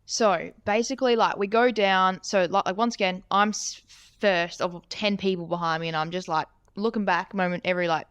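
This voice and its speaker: Smooth, dry-sounding young woman rambling a story. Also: medium pitch, fairly even intonation, normal speed, a bit bright, no echo. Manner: rambling, swears a lot, says "like" constantly. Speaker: podcast co-host. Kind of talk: casual storytelling chat.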